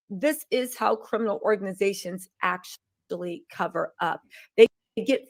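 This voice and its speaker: A woman's voice: mid-range voice, moderate pace, gravelly. A woman co-hosting a live show, reading news items aloud and adding sarcastic, wry asides.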